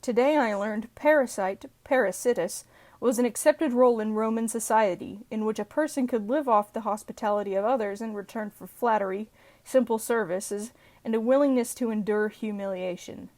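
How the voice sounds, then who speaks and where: A woman's voice: on the high side, moderate pace, a little mellow. A young woman casually reading internet posts aloud and adding playful, sweary asides between giggles. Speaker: reddit post reader.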